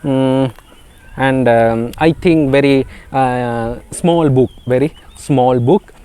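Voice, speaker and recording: A Sinhala-speaking Sri Lankan man teaches spoken English to beginners, stumbling along with many fillers and repeated words. His voice is medium-pitched, dark, clear and resonant.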